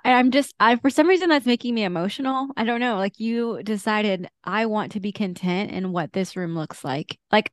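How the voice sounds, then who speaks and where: A woman's voice: fairly high pitch, no room sound, clean studio sound. Earnest woman podcast co-host. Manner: earnest, confessional, with frequent fillers and laughs. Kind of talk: casual faith chat.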